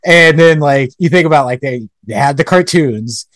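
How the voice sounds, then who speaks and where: A man's voice: fairly high pitch, normal speed, fairly bright tone, dry recording. A young man co-hosting a casual gaming podcast, talking in a loose, rambling way full of "like". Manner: loose and rambling, heavy use of "like". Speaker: podcast co-host.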